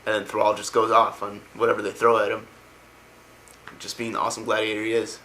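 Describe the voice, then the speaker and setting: Rambling young man, bright forceful voice. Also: lowish voice, completely flat delivery, fairly quick, slight background noise, poor audio. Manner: rambling, enthusiastic, slangy. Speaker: lore explainer. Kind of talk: casual spoken retelling.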